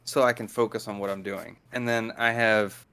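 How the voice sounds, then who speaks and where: A man's voice: lowish voice, steady tone, moderate pace, bright, forceful tone, smooth. A man in his thirties or older, a deaf guest explaining things patiently in casual conversation. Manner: patient, explanatory, chuckles while talking. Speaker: deaf guest on a study stream.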